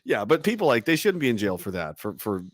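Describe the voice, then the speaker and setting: A man's voice: fairly low pitch, big pitch swings, fast. A man talking as a guest in a casual conversation, telling stories with jokes and mocking put-on voices. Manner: joking storyteller, breaks into mocking put-on voices.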